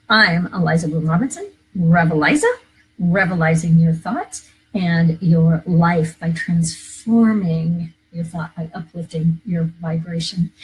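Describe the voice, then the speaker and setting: A woman's voice: lowish voice, breathy edge, poor audio. A woman minister hosting a live inspirational talk, earnest and coaching, repeating key phrases to her viewers. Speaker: minister and live show host.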